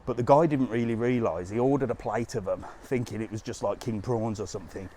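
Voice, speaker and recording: A man's voice: fairly low pitch, a little fast, dark tone, slight background noise. A man livestreaming as a travel vlogger, chatting bluntly and casually while he walks along a seafront outdoors, talking into a handheld phone. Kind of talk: casual live walking stream.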